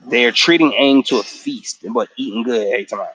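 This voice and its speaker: Man, tired, mid pitch; loose, profane recap with quick character lines thrown in. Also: fairly bright tone, slightly rough, no room sound, poor audio. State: tired after a work shift. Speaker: show recap vlogger. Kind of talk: casual episode recap.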